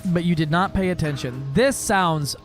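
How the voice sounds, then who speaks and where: A man's voice: a little high, normal speed, soft background music. A man streaming a space game, chatting casually with viewers in a joking, profane way. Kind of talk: casual gaming livestream chat.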